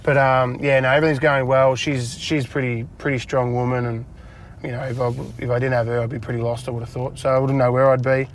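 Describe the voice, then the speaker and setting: Australian man, 40s, casual self-deprecating interview guest, mid pitch, faint car hum behind. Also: level tone, fast talker. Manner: chatty, self-deprecating, lots of fillers. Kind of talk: casual chat. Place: inside a parked car.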